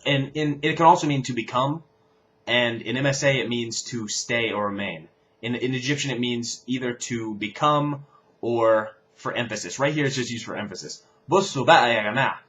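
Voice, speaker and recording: A young man giving a casual language lesson, explaining phrases and repeating examples with lively stress. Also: medium pitch. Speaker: language teacher.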